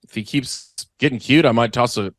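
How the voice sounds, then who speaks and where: A man's voice: medium pitch, normal speed, dry recording, studio quality. A man who grew up mostly in Louisiana, co-hosting a podcast in crude, joking casual chat. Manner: joking, crude, lively banter. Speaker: podcast co-host.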